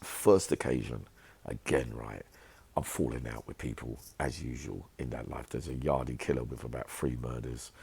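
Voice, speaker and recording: This middle-aged vlogger's voice sits extremely low, creaky, a little mellow and slightly rough, at a moderate pace. In a rambling, streetwise storytelling monologue about prison life, he keeps asking "right?"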